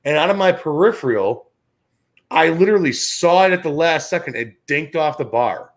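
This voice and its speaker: A fairly high-pitched, expressive man speaks at a moderate pace. He's in his thirties, from the Chicago area, and hosts a sports talk show, telling rambling, profane stories in a casual podcast style while acting out the other voices himself.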